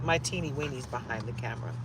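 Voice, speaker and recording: A woman from Detroit hosting a casual live stream, animated and chatty, greeting viewers by name and laughing often, recorded at home on a phone or webcam. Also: a bass voice, quick pace, very noisy. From Detroit, USA. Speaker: live-stream host giving a reading.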